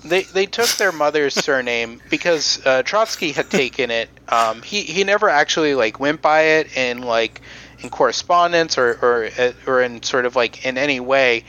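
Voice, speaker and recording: A man co-hosting a casual history podcast, explaining in a halting way with many fillers and restarts. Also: medium pitch, animated, sharp tone, slight background noise, poor audio. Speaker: podcast co-host presenting history.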